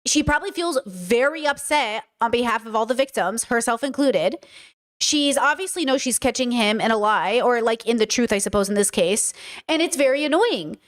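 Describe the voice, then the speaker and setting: Woman host, slightly high voice, emphatic chatty commentary. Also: lively intonation, normal speed. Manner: emphatic, conversational reactions. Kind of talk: commentary on a played recording.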